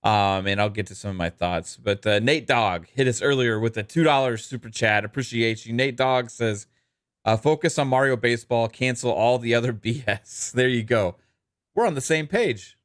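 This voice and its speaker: A relaxed man co-hosting a casual gaming podcast, thanking viewers and riffing on news at an easy pace. His voice sits in a middle register and sounds close and dry, with no room around it. He fills pauses with ums and chuckles often. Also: mid-range voice, no room sound. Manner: laid-back, laughs easily, many ums and uhs. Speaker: podcast co-host. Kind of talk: casual podcast chat reading super chats.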